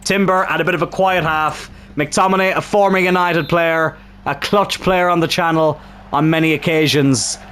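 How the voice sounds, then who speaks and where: Excitable man commentating his football game. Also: fairly high pitch, normal speed, smooth. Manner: excitable, swears and shouts at the game. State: strained throat. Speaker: gaming YouTuber commentating his own match.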